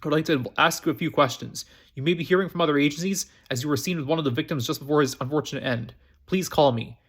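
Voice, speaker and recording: A man's voice: on the high side, quick pace, slightly rough. A man voicing a formal middle-aged police captain leaving a stiff phone message.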